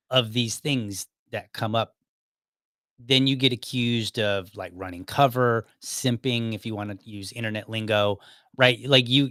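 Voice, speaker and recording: A man's voice: medium pitch, a bit bright, no room sound. Guy in his 30s ranting on his own podcast, medium voice, lots of restarts, dead dry mic. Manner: conversational, exasperated, many restarts and quoted asides. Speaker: podcast host. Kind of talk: casual solo commentary.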